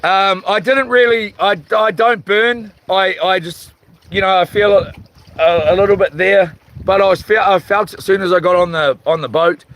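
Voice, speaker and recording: A New man streaming from a fishing rock, chatting in a halting, rambling way as he reads viewer comments, his voice a little rough and tired. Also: high-pitched, fairly even intonation, fairly bright tone. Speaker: livestream host. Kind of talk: casual livestream chat. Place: outdoors on a rock by the water at night. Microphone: phone.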